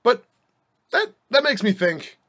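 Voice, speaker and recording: A man's voice: extremely high pitch, very animated, a little slow, bright, forceful tone. A young man hosting a podcast, telling a rambling anecdote in a wry, joking way with many restarts and asides. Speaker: podcast host. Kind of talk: casual storytelling monologue.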